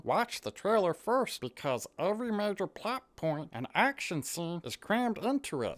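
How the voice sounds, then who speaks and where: A woman's voice: mid-range voice, fairly bright tone. A woman narrating a sarcastic, profane comedic movie review.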